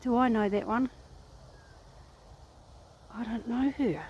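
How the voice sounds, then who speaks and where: A woman's voice: a little high, slow pace, muffled recording, a little hiss or hum. A woman filming a vlog outdoors on a horse farm, cooing to the horses in affectionate baby talk. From New Zealand. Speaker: vlogger. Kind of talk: casual vlog talking to horses.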